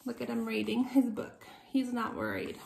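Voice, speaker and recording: High-voiced woman reading a picture book aloud. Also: normal speed, creaky, reverberant, heavy background noise. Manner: gentle, expressive, chatty asides to listeners. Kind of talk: children's read-aloud with asides.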